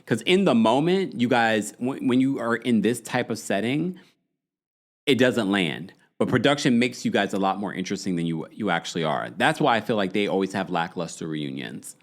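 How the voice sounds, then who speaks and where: A man's voice: lowish voice, normal speed. Chatty guy podcast host, voice jumps all over, does little voices when he quotes folks. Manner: animated, quotes people in shifting voices, chatty slang. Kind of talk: casual recap commentary.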